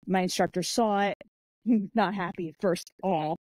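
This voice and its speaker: A woman guest on an interview show, telling animated stories, acting out the people in them, with lots of "like" fillers. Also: on the low side, fairly quick, no echo. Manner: animated storyteller who acts out quoted people; chatty, with many "like" and "I'm like" fillers. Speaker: podcast guest, author and martial artist. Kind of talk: casual interview storytelling.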